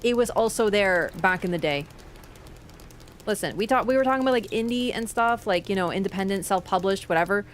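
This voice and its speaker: A woman with a mid-range voice talks fairly quickly during a live game stream, with a little hiss or hum on the recording. She chats to her viewers with firm opinions, reads their comments, and yelps loudly at sudden moments in the game, with game music in the background.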